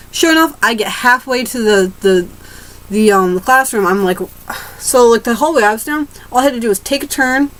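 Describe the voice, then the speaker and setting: A teenage girl vlogs to the camera, ranting in a loose, rambling way, restarting her sentences and swearing freely. Her voice sits at a medium pitch, and the recording sounds rough.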